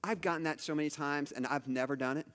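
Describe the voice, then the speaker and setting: Chatty middle-aged male pastor, higher voice. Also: steady tone, quick pace, fairly bright tone, big-room sound, a little hiss or hum. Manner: chatty storytelling, many asides and restarts. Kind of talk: conversational sermon.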